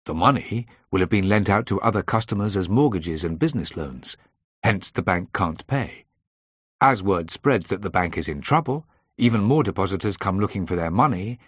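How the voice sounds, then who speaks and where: Low husky guy reading a thriller audiobook, measured, dry sound. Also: fairly bright tone, no room sound. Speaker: audiobook narrator. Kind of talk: first-person thriller narration.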